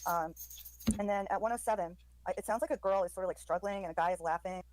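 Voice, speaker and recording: A woman's voice: on the low side, quick pace, music in the background, poor audio. A woman on a live stream describing sounds she hears in a recording, hesitant and full of ums. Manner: hesitant, many ums, quoting overheard lines. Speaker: commentator describing audio.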